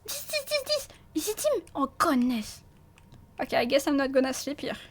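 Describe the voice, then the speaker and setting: A woman's voice: high voice, sing-song, moderate pace. A woman with a French accent giving live gameplay commentary as a streamer, jumpy and stammering, swearing and laughing often.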